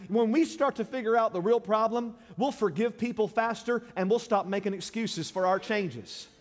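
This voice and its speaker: High-voiced preaching man, loud to hushed. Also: normal speed, in a large hall. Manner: preaching with big swings from loud shouting to hushed pleading. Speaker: pastor. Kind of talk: sermon.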